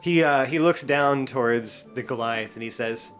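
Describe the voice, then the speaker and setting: A man running a tabletop game, narrating loosely with many fillers. His voice sits at a middle pitch. Faint music plays behind him. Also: moderate pace, a bit bright. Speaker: game master.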